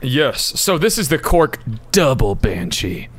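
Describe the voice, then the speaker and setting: A man co-hosting a podcast, reading stories aloud with wry, deadpan asides. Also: mid-range voice, takes it slowly, soft background music. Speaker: podcast co-host.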